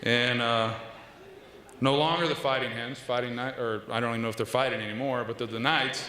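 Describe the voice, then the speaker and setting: A man, giving an earnest, measured acceptance speech at a podium with pauses and small restarts. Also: medium pitch, fairly even intonation, sharp tone, slight background noise. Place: large banquet hall. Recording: echoey hall with long reverb.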